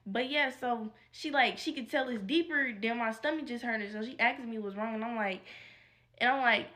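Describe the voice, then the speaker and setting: A woman vlogger telling a casual storytime, animated and profane, with constant "like" fillers. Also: on the high side, moderate pace.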